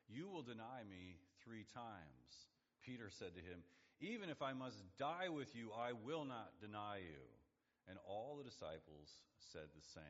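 A man preaching a sermon, building up to emphatic high points and dropping to hushed, low lines. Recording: lo-fi sound in a long-reverb hall.

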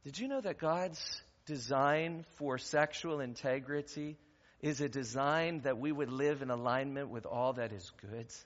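A male pastor delivering a sermon, asking rhetorical questions and building to loud, emphatic stretches. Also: medium pitch, a little slow. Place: church sanctuary. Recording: long reverb, dull lo-fi church recording.

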